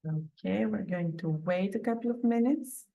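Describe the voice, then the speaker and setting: A woman's voice: medium pitch, moderate pace, creaky, lo-fi sound. A woman moderating an online training session, politely giving instructions and handing over to speakers on a video call. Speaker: webinar moderator.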